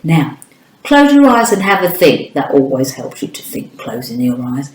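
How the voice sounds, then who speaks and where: A woman's voice: low voice, big pitch swings, normal speed, a little mellow, a little hiss or hum. A woman from the United Kingdom teaching a children's phonics lesson, encouraging and speaking straight to a young viewer. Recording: echoey room.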